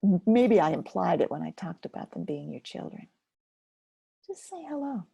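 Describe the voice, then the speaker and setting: Older woman webinar host; soft, reflective delivery, raspy with some fry. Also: on the low side, dry recording, lo-fi sound. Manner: gentle, unhurried, reflective. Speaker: webinar host and focusing teacher. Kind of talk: live webinar, answering chat questions.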